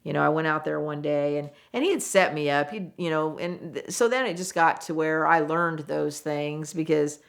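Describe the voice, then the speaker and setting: A woman, once a car saleswoman, telling a story in a casual, animated way and acting out what people said. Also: sits low, moderate pace, vocal fry, hardly any pauses.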